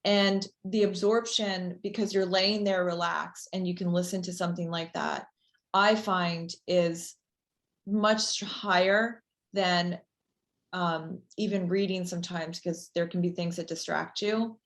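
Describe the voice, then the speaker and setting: A woman being interviewed as a company founder, talking casually and chattily with many fillers, warming into an enthusiastic pitch. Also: steady tone, measured pace.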